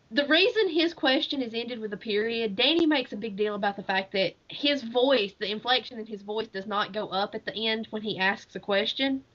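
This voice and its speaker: A woman with a somewhat high, slightly bright voice co-hosts a casual book podcast, animatedly retelling a story and laughing often. The lo-fi audio sounds dull.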